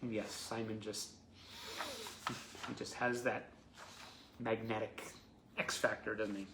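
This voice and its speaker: A man's voice: fairly low pitch, slow, creaky, background noise. A man hosting a live stream, reading out fan messages and reacting to each one. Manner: reads letters with rising excitement, chuckles between them.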